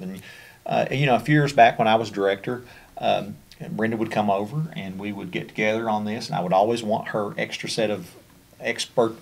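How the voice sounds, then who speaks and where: Over a set of slides, a Kentucky-accented man delivers a special education training in a conversational style full of fillers and restarts. His voice is creaky and on the low side.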